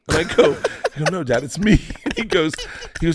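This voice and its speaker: A man in his forties telling a long story on a podcast, animated and profane, laughing through it. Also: fairly high pitch, fast talker, hardly any pauses, slight background noise. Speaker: podcast host. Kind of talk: casual storytelling chat.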